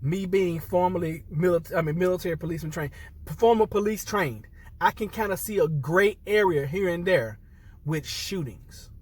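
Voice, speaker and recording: A man's voice: sits high, animated, moderate pace, breathy edge, distant mic. An upset man, a military veteran, speaking earnestly to viewers, repeating himself and restarting phrases as he holds back tears. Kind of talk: impassioned personal commentary to camera.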